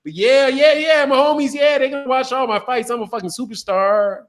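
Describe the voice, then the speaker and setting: A man's voice: very high-pitched, racing, dark tone, voice pushed up. A man putting on the voice of a cocky young male boxing champion, boasting in slang. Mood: boastful.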